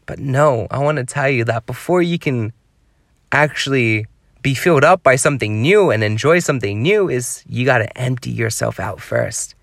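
A man's voice: medium pitch, normal speed, vocal fry, a bit bright, dry recording, studio quality. A man preaching a devotional sermon, pleading with his listeners in an earnest, exhorting way.

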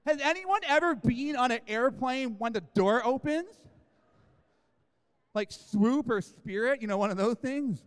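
A man's voice: very high-pitched, lively intonation, a little slow, smooth. A man preaching a sermon, telling a story in a humorous, self-deprecating, conversational way. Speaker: guest preacher. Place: church sanctuary. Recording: echoey church hall.

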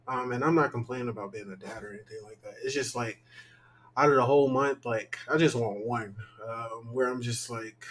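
A man's voice: medium pitch, steady tone, moderate pace, a bit bright, rough recording. A young man co-hosting a casual podcast, sounding tired as he rambles candidly, with lots of fillers. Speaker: podcast co-host.

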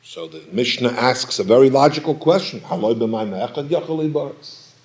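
A man's voice: medium pitch, lively intonation, normal speed, darkish tone. A man teaching a Torah lecture, posing questions and repeating phrases for emphasis. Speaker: rabbi teaching Talmud.

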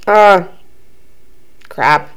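A woman's voice: on the low side, extremely slow, smooth. A young woman co-hosting a podcast, chatting casually, swearing a lot and laughing often. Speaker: podcast co-host. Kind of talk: casual chat.

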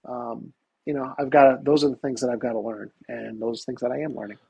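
A middle-aged man, a golf professional, telling stories in a casual interview with lots of energy, talking in quick bursts. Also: medium pitch, sing-song, creaky, mellow, breathy edge, dry recording, rough recording. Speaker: guest, touring golf professional.

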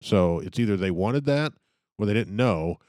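A man's voice: lowish voice, animated, moderate pace, a little mellow, no room sound, clean studio sound. A man co-hosting a casual political chat, emphatic and swearing freely. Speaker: podcast co-host.

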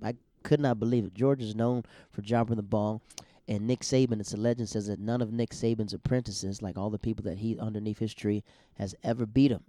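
A man's voice: mid-range voice, dark tone, no echo, studio quality. A man, a stand-up comedian, hosting a podcast in a loose, chatty monologue full of restarts.

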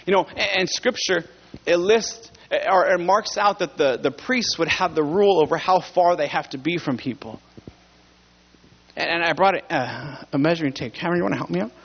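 A pastor preaching a sermon in church, speaking conversationally and earnestly to the congregation. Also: male voice, on the high side, moderate pace, gravelly, dull audio.

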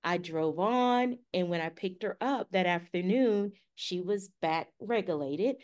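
Brief: female podcast co-host, fairly low voice, animated storyteller who acts out dialogue. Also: a little slow. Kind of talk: casual storytelling.

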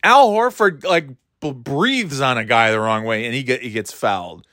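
A man talking sports in a loose, profane, rambling way. He laughs a lot and keeps jumping up in pitch when he gets worked up. His mid-range voice sounds dry and close to the mic, with no room around it. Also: animated, normal speed, pushed and bright, no echo. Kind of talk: casual sports rant.

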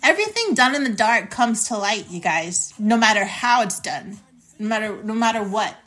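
A woman's voice: on the high side, animated, moderate pace, a bit bright, faint music behind. A young woman hosting a podcast, telling a personal story in a blunt, indignant monologue with plenty of swearing. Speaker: podcast host.

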